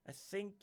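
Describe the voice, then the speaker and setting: A man from Sweden with a Swedish accent answering viewers' chat questions on a casual livestream. He talks hesitantly, with many fillers, restarts and chuckles. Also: no echo. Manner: hesitant, filler-heavy, self-correcting, chuckling.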